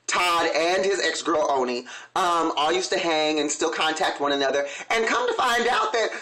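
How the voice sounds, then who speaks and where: A man's voice: sits high, pushed and bright. A man hosting his own vlog, giving frank, opinionated, sassy commentary in a casual way. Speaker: vlog host recapping a TV show.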